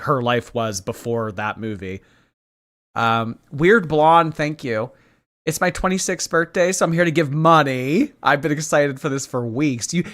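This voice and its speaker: A man's voice: medium pitch, fairly bright tone. A man hosting a live stream, reacting to videos with sarcastic, teasing remarks and reading viewer messages.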